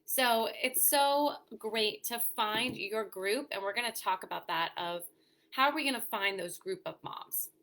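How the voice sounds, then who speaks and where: Bright chatty woman doing a live stream for moms, lots of um and you know, reading comments out. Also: mid-range voice, unhurried. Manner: chatty, reads viewer comments aloud and answers them; frequent "you know" and "um" fillers. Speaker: host of a weekly live show for mothers. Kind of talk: casual live-stream chat.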